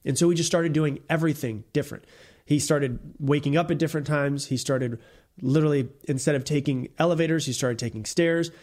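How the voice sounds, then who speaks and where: A man hosts his own motivational podcast solo, speaking bluntly and emphatically, repeating points and swearing casually. His voice is a little high and darkish in tone, steady and fairly quick.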